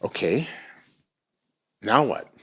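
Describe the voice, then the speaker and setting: A man's voice: on the low side, very animated, extremely slow, pushed and bright, husky. Reflective middle-aged man telling his story. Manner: reflective, with hesitant restarts. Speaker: keynote speaker. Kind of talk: personal storytelling talk. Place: theatre stage before a live audience.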